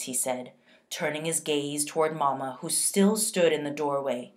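A woman teacher reading a novel aloud to young students, with slow, expressive narration and pauses to ask them questions. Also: sits low.

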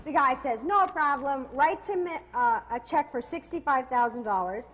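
A woman co-hosting a comic cooking show in a studio kitchen, teasing her partner and reading jokes aloud in a drawn-out way. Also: high voice, expressive, fairly bright tone, husky. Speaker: co-host. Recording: hall reverb with faint noise.

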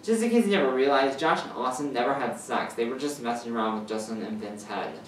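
Young man reading a fan story, stumbling. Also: quick pace. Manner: stumbling, repeats words and restarts. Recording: roomy distant mic, faint rumble.

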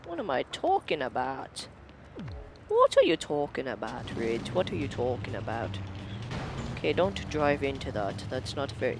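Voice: medium pitch, wildly swooping pitch, unhurried, music in the background. A gameplay commentator giving casual let's-play commentary in a playful, silly, jumpy way.

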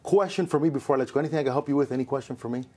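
Animated storytelling man, husky voice. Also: medium pitch, very fast. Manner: bald. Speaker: podcast host. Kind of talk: casual interview storytelling.

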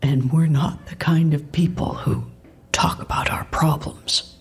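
Woman reading a worn-down dad: low, gravelly, slow, strained. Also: steady tone, in a whisper, heavily acted. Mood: bitter. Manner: low, halting, defeated. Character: quiet middle-aged father, strained and gruff.

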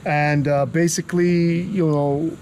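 A brash, wisecracking man with a thick Long Island New York accent talks a viewer through an outdoor build. His voice sits on the high side for a man, and there is loud, steady noise behind him. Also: unhurried. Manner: brash, joking, street-talking. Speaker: reptile channel host. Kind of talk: casual building vlog. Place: backyard, outdoors.

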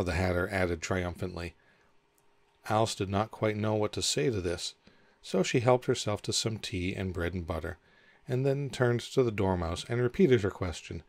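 A man reads a storybook aloud in a measured, plain way. His voice is low and gravelly, and the recording is close and dry. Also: dry recording. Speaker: audiobook narrator. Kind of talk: scripted storybook narration.

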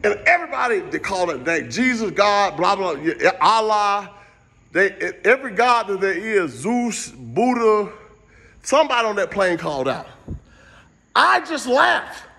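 A man's voice: sits high, very animated, a little slow, gravelly, pushed and bright. A man doing a casual live-stream comedy rant, rambling and jumping between jokes and asides.

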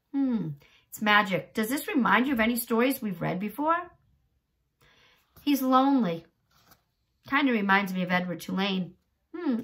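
A young adult woman teacher reading a chapter book aloud to her pupils in an expressive storytelling voice, then chatting to them with questions. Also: a little high.

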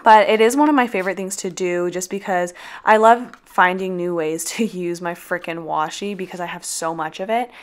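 A woman's voice: lowish voice, normal speed, clean tone. Groggy chatty woman. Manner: chatty, swears casually, says y'all. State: groggy from just waking up. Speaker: planner vlogger. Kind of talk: casual voiceover.

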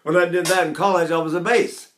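An older male voice teacher explains technique to his students in a fairly high speaking voice. He addresses the class directly, stopping now and then to demonstrate a sound. The room adds a noticeable echo. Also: fairly even intonation, fast talker. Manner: talks to his class, breaks into brief sung and nasal demonstrations. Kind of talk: vocal lesson with sung demonstrations.

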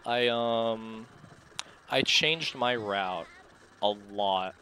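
A man's voice: on the low side, very slow. A young man commentating his own speedrun from a dorm room at night, keeping his voice down but often bursting out in disbelief, with lots of restarts and stammers. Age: young adult. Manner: excitable, disbelieving, talks in bursts with many restarts; keeps voice down to avoid waking sleepers. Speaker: speedrunner streamer. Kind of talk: casual live commentary while gaming.

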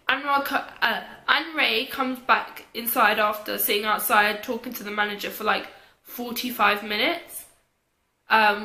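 A woman's voice: fairly high pitch, sharp tone, reverberant. A young woman chatting casually, with lots of fillers, telling a story to camera. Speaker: vlogger.

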